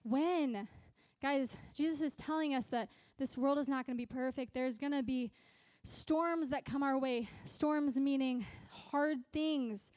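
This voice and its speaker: A young adult woman giving a youth sermon, chatty and animated, with lots of "like" and "right?" tag questions. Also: high voice, measured pace, few pauses, no echo. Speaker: youth pastor.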